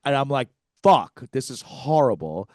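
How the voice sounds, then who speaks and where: Speaking at a slightly slow pace in a mid-range voice, this man spins a profanity-heavy tale on the comedy podcast he co-hosts, acting out the quotes with lots of energy. The audio is studio-clean, with no room sound at all.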